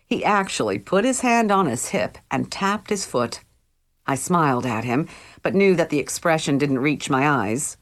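Woman reading a first-person story, low voice, wry and chatty, audiobook narration. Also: expressive, normal speed.

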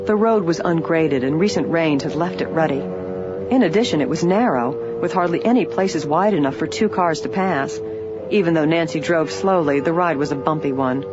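Steady audiobook narrator, woman, low register; muffled lo-fi recording with faint music. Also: moderate pace. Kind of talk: scripted narration.

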